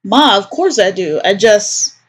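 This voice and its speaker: A woman's voice: medium pitch, animated, a little slow, husky. A woman reading the lines of a sulky, defiant young man who grumbles against his mother. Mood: stubborn. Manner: stubborn, grumbling.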